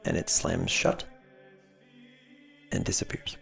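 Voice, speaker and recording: A man serving as game master, calmly calling turns, rolls and hit points for his players. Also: slow pace, faint music behind. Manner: relaxed, easygoing, calls turns and rolls. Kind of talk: running a tabletop game at a table.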